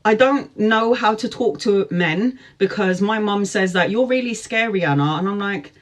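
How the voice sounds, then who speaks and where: A woman in her forties telling a story casually on a live stream, animated and laughing often as she greets viewers. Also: mid-range voice, measured pace. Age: 40s. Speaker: tarot reader hosting a live stream.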